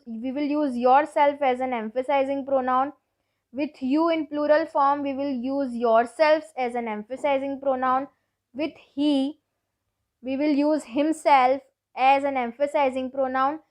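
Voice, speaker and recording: A woman teacher giving a grammar lesson to schoolchildren, explaining each rule slowly and patiently, with lots of repetition. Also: high voice. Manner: slow, deliberate, repeats each rule patiently.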